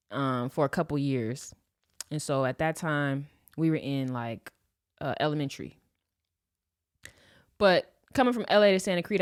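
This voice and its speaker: A woman in her late twenties from Los Angeles, telling a personal story on a podcast in a slangy, animated way and acting out the scenes. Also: deep voice, smooth. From Los Angeles, USA. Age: 20s. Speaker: podcast host. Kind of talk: casual storytelling.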